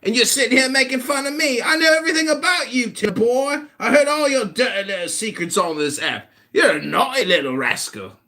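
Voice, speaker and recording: A man in his forties with an American accent, hosting a livestream and hurling mocking insults. His voice is bright and cutting, and it swings widely in pitch as he shouts and taunts. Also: animated, brisk, hardly any pauses. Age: 40s. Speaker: livestream host. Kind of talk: heated livestream argument.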